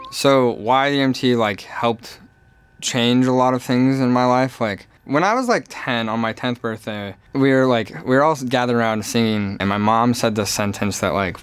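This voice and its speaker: A young man in his twenties recounts a personal story in a rambling, candid way, leaning heavily on fillers. His voice sits at a middle pitch. Soft music plays faintly behind him.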